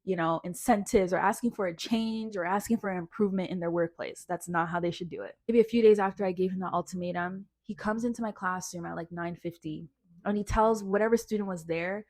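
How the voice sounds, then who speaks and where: A young woman from Canada in a casual storytime vlog, telling her story in an animated way and acting out what other people said. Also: on the low side, fairly quick, dry recording, clean studio sound.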